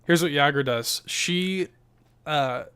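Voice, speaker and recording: A man's voice: fairly high pitch, takes it slowly, bright, forceful tone, clear, resonant tone. Rambling man narrating a tabletop game. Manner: loose, rambling, full of fillers and swearing. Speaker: game master.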